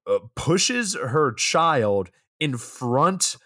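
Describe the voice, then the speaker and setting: A man's voice: a little high, sing-song, drawn-out words, sharp tone, no echo, clean studio sound. A man co-hosting a podcast, casually recapping a film's plot with easy chuckles and a loose, chatty delivery. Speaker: podcast co-host reviewing a film. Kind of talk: casual chat.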